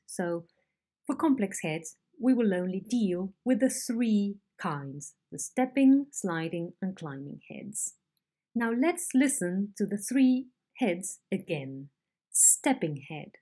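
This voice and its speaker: A woman teaching a phonetics lesson, explaining slowly and modelling intonation patterns on example sentences. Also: mid-range voice, sing-song, mellow, husky. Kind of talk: recorded online lecture.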